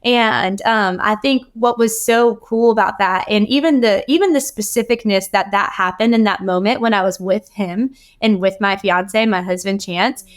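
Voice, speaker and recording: Woman podcast guest, earnest, rambly, lots of ums, middle pitch. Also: moderate pace, few pauses. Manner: earnest, rambling with many fillers. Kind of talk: casual interview talk.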